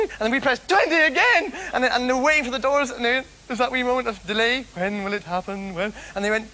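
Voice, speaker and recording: Male comic, high quick voice, giggly rambling delivery, noisy recording. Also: sharp tone. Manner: manic, giggly, rambling with many restarts. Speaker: comedian host. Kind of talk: rambling stand-up storytelling.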